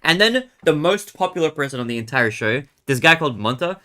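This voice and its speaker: A young man, a streamer casually chatting and retelling a reality show in a rambling, animated way with lots of fillers. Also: a little high, a little fast. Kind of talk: casual chat while gaming.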